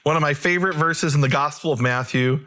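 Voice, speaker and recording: A man co-hosting a podcast in casual chat, an animated storyteller who laughs easily. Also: on the high side, fast talker, a little hiss or hum. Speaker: podcast co-host.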